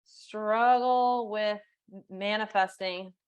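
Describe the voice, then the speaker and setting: A woman hosts a live coaching stream in an easygoing, chatty way, peppering her talk with "like" and working through viewer comments as she goes. Her voice sits at an ordinary middle pitch for a woman. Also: fairly even intonation, takes it slowly, clean tone, muffled recording. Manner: casual and chatty, with many "like"s, reading viewer comments aloud. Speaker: law of attraction coach and host.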